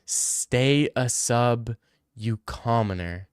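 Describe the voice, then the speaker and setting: A man's voice: mid-range voice, extremely slow, clear, resonant tone, no room sound, studio quality. A young man livestreaming, answering chat in casual, crude, teasing banter. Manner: joking, teasing, profane.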